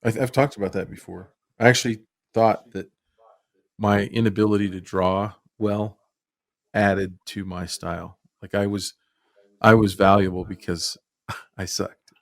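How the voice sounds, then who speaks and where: Man, podcast host, lower voice, reflective, dry sound. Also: fairly even intonation, measured pace, no echo. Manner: reflective, draws takeaways for students. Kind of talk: casual podcast discussion.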